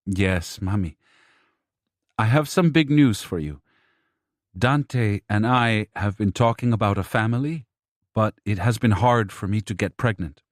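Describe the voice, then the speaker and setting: A man's voice: lowish voice, unhurried, no echo, clean studio sound, lightly acted. A man voicing an anxious young wife and mother whose first language is Spanish, speaking earnestly in an audiobook.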